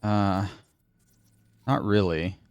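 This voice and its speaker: A man's voice: fairly low pitch, fairly even intonation, very slow, a little mellow, clean tone, no echo. A man hosting a gaming channel, thinking aloud and muttering to himself in casual commentary while he plays.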